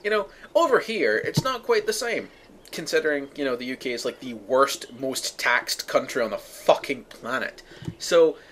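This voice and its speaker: A man's voice: a little high, a bit bright, a little hiss or hum. A young man from the UK ranting sarcastically to his viewers, profane and exasperated. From United Kingdom. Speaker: vlogger. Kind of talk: ranting monologue to camera.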